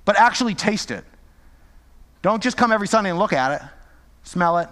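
A man's voice: sits high, lively intonation, a little fast, fairly bright tone, long reverb tail. A male pastor preaching a sermon with impassioned, repetitive exhortations.

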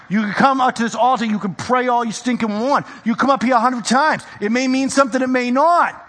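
A male pastor preaching a sermon in a church, swinging from loud exhortation to hushed intensity. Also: extremely high pitch, fairly quick, in a large hall.

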